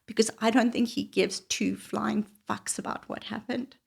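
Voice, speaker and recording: Woman, forties, gravelly husky voice, wry confessional storytelling, whispered asides. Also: medium pitch, steady tone, moderate pace.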